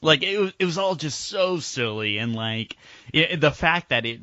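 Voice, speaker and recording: A man's voice: a little high, expressive, moderate pace, bright, forceful tone, no room sound. A man co-hosting a casual podcast review, ranting with lots of fillers and swearing. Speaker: podcast co-host. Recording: dull lo-fi sound.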